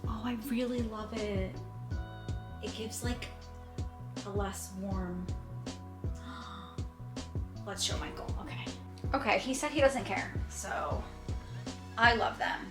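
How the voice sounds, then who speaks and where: A young woman talks to the camera from her home bedroom in a casual vlog, gushing with a knowing touch of drama. Speaking over music in a fairly high voice, she goes slowly and leaves long pauses.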